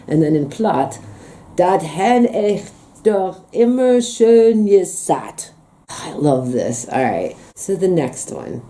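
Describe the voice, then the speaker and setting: A woman's voice: low-pitched, dark tone. An American woman, a young adult, talking casually in a vlog as she reads out phrases and reacts to them with amused disbelief. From United States. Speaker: vlogger. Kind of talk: casual language-learning vlog.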